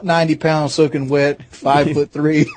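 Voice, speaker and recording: A man's voice: on the high side, flat delivery, normal speed, darkish tone. A man co-hosting a podcast, chiming in with jokes during casual banter. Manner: joking interjections. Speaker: podcast co-host. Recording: faint background noise.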